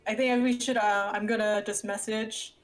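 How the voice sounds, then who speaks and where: A woman chats her way through a tabletop game session, giggling often and trailing off into fillers. She talks slowly and deliberately, in a fairly high voice, with faint music behind her. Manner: giggly, hesitant, many fillers. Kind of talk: casual play chat.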